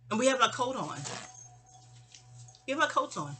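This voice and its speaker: A woman's voice: on the high side, lively intonation, a little slow, pauses often, sharp tone. A woman telling a personal story in a rambling, casual storytime style, often repeating words and acting out what others said. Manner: rambling, repeats and restarts words, acts out quotes.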